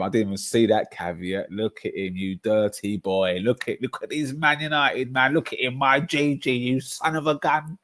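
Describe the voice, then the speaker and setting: A man with a London accent hosting a casual football livestream, talking in an animated way, laughing often and reading out chat. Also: lowish voice. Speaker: streamer.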